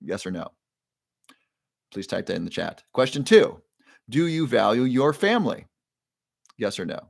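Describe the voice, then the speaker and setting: A man's voice: mid-range voice, sing-song, normal speed, gravelly, no room sound, clean studio sound. A man hosting a live online show, leading viewers through a breathing exercise in an upbeat, chatty way that keeps prompting the audience.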